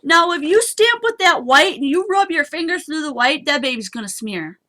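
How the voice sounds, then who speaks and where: A woman with a high, bright, forceful voice hosts a live papercraft stream at a normal speed. Animated, chatty, and bubbly, she demonstrates her craft while talking casually with viewers.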